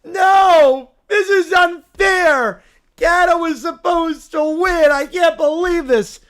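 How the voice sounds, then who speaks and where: A man's voice: very high voice, slow, fairly bright tone, pitched above the performer's own voice, heavily acted. A man voicing a whiny four-year-old boy who is a sore loser, shrieking and wailing through a tantrum.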